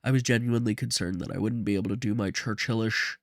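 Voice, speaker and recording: A man's voice: lowish voice, fairly even intonation, quick pace, no room sound, studio quality. A man with a sore throat and stuffy nose giving casual, joking gameplay commentary with chatty asides. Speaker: let's play host.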